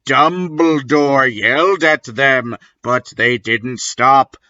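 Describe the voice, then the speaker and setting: Slow, deadpan male reader. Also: medium pitch, dull audio. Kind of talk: comedic dramatic reading.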